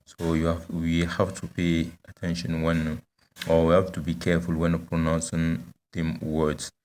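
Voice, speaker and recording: Slow, very deep-voiced man teaching. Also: monotone, a little mellow. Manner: slow, halting, many fillers, repeats example words. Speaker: language teacher. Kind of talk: spoken language lesson.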